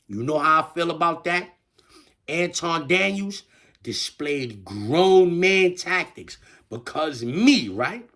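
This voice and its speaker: Man, commentary rant, slangy, stammering restarts, fairly high voice, very animated pitch. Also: slow pace. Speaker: online commentator.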